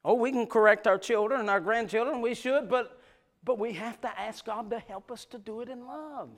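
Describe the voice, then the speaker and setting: High-pitched southern-style preacher guy, folksy grammar, booms then goes real quiet. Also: moderate pace. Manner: swings from loud hollering to hushed tender delivery. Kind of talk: sermon with storytelling.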